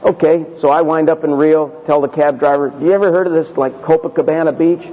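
A male pastor telling a personal story in a sermon, conversational and self-deprecating, slowing down for emphasis. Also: fairly high pitch, fairly even intonation. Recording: dull audio with long hall reverb.

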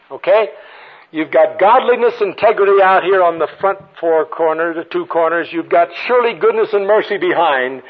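An older man preaching a sermon with storytelling, moving between ringing emphasis and hushed passages. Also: fairly high pitch, normal speed. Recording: tinny phone-like radio broadcast.

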